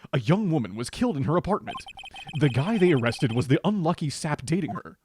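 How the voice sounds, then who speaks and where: A man's voice: fairly high pitch, sing-song, normal speed, darkish tone, slight background noise. A man voicing an earnest, slightly nervous young defense lawyer who narrates his case. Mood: narrating.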